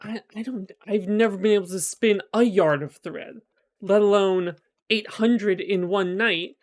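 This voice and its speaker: A man's voice: fairly high pitch, very fast, natural voice. Give me a man voicing a flustered, stammering young woman from a storybook tale. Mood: panicked. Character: panicked young woman who cannot sew.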